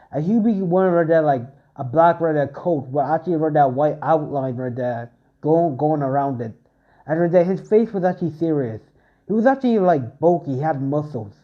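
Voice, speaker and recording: A man's voice: fairly high pitch, warm tone, dull audio. A young man improvising a fan story narration, rambling with heavy fillers.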